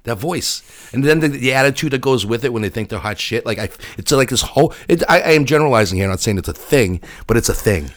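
A man's voice: medium pitch, animated, fast, no echo, studio quality. A man, co-hosting a podcast in blunt, profane, ranting casual banter. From Massachusetts. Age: 40s. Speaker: podcast co-host.

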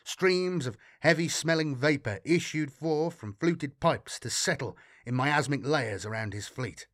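A man reading a science fiction audiobook in a measured, dramatic way. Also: on the high side, animated, a bit bright, no room sound, clean studio sound. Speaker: audiobook narrator. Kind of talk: scripted narration of science fiction.

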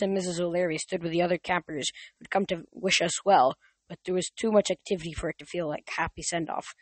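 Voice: medium pitch, dry recording. Brief: amateur audiobook reader, plain mid voice, stumbles and restarts, dry close mic. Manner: plain reading with slips and restarts.

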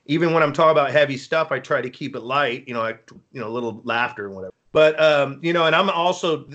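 A man hosting a live stream, chatting casually and telling rambling, animated stories. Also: medium pitch, fast talker. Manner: rambling, animated storytelling with quoted voices. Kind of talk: casual chat.

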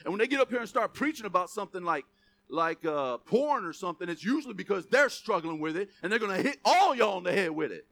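A man's voice: sits high, very animated, fast, gravelly, fairly bright tone. A male pastor preaching a sermon in a conversational, punchy style, joking and checking in with the congregation. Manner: conversational, punchy, asks the congregation "Amen?" and "right?"; joking, chuckles often.

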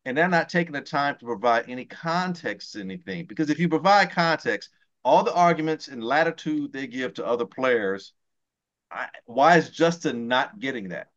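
A man's voice: mid-range voice, animated, normal speed, a bit bright, lo-fi sound. A man co-hosting a podcast, talking football in a heated, ranting way and swearing often. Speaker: podcast co-host. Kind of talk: casual sports talk.

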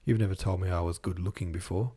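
A man's voice: deep voice, fairly even intonation, fast, dark tone, husky. A man voicing a kindly young man who speaks in light, mock-formal banter. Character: wry, kindly young man, gently ironic.

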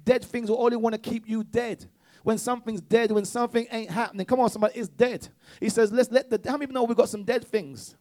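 A man's voice: very high-pitched, fairly even intonation, quick pace, a little mellow. A man preaching a sermon with call-and-response exhortations, often restarting his words in repetitive bursts.

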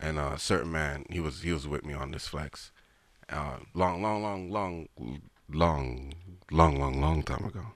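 A man's voice: rumbling low, measured pace, no echo. A man giving blunt, slangy advice in a casual chat, lecturing his friend.

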